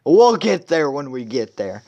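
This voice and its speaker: A man's voice: a little high, very animated, unhurried, dark tone, highs cut off. A young man hosting a video and recapping a comic chapter in a rambling, filler-heavy casual way. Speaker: video host.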